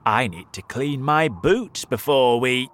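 A man voicing a loud, fussy male centipede in a storybook reading. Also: medium pitch, animated, slow.

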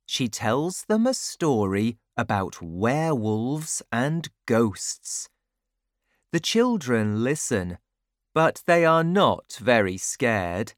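A woman reads a children's storybook aloud, taking her time over every word. Her voice sits low but moves up and down expressively. The sound is close and dry, with no room around it. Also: very animated, no echo. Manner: slow, clear, carefully paced reading. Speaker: narrator.

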